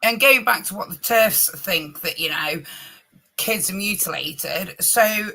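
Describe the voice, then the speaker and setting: Slow, breathy, soft-spoken woman. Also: medium pitch. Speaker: co-host. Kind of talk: casual livestream chat.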